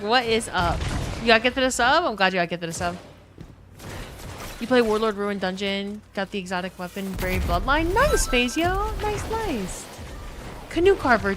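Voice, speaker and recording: A woman's voice: on the high side, fairly bright tone, slight background noise. A woman from New Orleans streaming a game, chatting casually with viewers, reading chat aloud and swearing freely into a desk mic. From New Orleans, USA.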